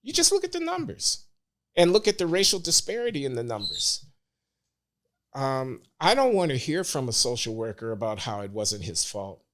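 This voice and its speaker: An older man speaking as a guest on a casual podcast, measured and deliberate with frequent hesitations. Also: medium pitch, wildly swooping pitch, a bit bright.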